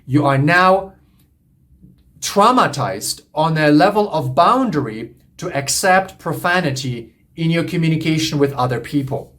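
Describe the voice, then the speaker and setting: A man's voice: a little high, expressive, measured pace, a bit bright. A man coaching on relationships, lecturing in an earnest, repetitive, emphatic way. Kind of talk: monologue lecture to camera.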